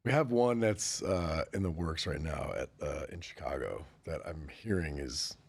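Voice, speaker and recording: A man guesting on a podcast, telling profane stories with animated energy and frequent laughter. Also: extremely low pitch, moderate pace, vocal fry, husky, no room sound. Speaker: guest, company representative. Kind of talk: casual podcast chat.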